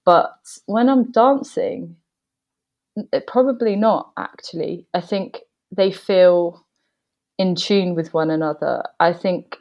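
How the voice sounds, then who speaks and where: A woman with a notably low voice speaks as a podcast guest. She thinks aloud, circling her point with hesitations and fillers before landing it. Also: takes it slowly, darkish tone, dull audio. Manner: thoughtful, hesitant with frequent ums. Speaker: guest, movement director and dancer. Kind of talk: reflective podcast conversation.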